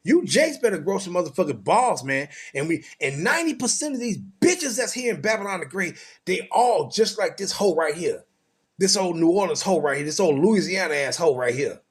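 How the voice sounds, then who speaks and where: A man preaching from scripture in a crude, profane way, firing rhetorical questions and rising into loud, high bursts. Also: sing-song, moderate pace, husky.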